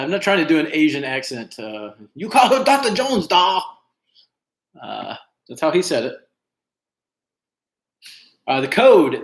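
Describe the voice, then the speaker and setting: A man hosting an online trivia night, chatting casually and reading out team names with lots of fillers. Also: medium pitch. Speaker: trivia host. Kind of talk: casual livestream chat. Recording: echoey room.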